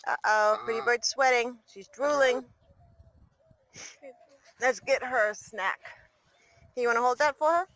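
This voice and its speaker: A woman's voice: fairly high pitch, a little slow, pauses often, fairly bright tone, no room sound, rough recording. A woman vlogging outdoors with her pet goose, chatting to viewers and talking baby talk to the bird. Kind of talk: casual vlog narration. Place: outdoors in a yard.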